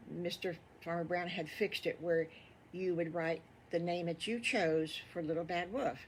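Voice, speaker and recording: A woman's voice: fairly low pitch, slight background noise. An older woman, improvising a children's story in a folksy, rambling, affectionate way.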